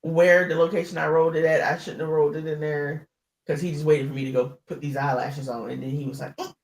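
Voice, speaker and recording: A woman's voice: low voice, little pitch movement, quick pace. A woman host closing the show, rambling through thanks with laughter. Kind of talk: show sign-off. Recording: echoey room.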